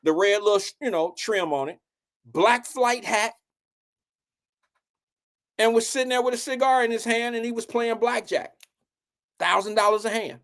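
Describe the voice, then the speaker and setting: A man's voice: very high voice, moderate pace, long pauses, fairly bright tone. A man hosting his own show, telling a long story in loose, profane, slang-heavy casual speech.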